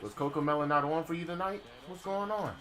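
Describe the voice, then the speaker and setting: A man's voice: fairly high pitch, quick pace, fairly bright tone. A young man streaming a football game, talking casually to his chat in a slangy, mocking way. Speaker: gaming streamer. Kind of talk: casual live-stream talk. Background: game crowd noise.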